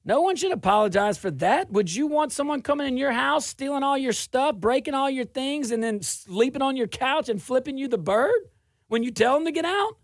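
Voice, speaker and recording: A middle-aged man from South Louisiana hosts a political talk show with a gravelly edge to his voice. He delivers an animated, sarcastic monologue and often laughs at his own points. The recording is dry and close. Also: very high voice, normal speed, no room sound.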